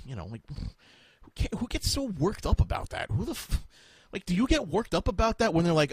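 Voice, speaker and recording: Exasperated ranting man with a husky voice. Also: on the high side, big pitch swings, brisk, no echo. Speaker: podcast host. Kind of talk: casual podcast chat.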